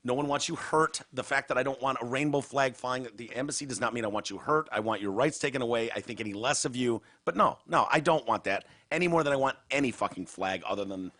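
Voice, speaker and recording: This Midwestern-accented podcast host talks fast in a mid-range, fairly bright voice, barely pausing. His casual talk-show banter is sarcastic and blunt, with lots of cursing.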